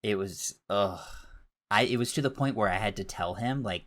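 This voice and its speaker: A man in his thirties co-hosts a podcast in candid, casual talk. He pokes fun at himself as he goes. His voice sits very low. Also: normal speed, a bit bright. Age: 30s. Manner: candid, self-deprecating. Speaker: podcast co-host. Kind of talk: casual chat.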